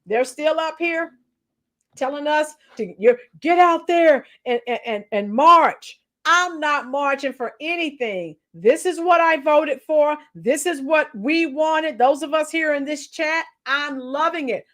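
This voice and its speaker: High-voiced, unhurried woman livestreamer. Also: fairly bright tone. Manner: chatty, breaks into song between remarks. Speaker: livestream host and schoolteacher. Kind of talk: casual livestream chat reading the chat.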